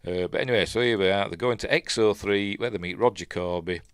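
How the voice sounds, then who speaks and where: Low-pitched Yorkshire host, dry and close-miked, meandering chatty delivery full of fillers. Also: male voice, fast, a bit bright, smooth, no echo. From Yorkshire, England. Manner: rambling, chatty, lots of fillers, self-correcting. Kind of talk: casual live commentary while watching.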